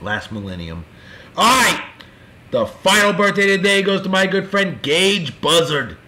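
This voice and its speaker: A man hosting a casual show, giving boisterous, jokey birthday shout-outs in a folksy way. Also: sits high, measured pace. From California. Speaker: show host.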